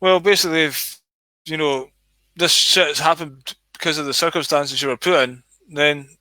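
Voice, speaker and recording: A man hosting a casual interview, easygoing and quick to chime in with agreement. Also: fairly high pitch, steady tone, pushed and bright, no room sound, poor audio. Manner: easygoing, frequent "aye" backchannels. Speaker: interview host.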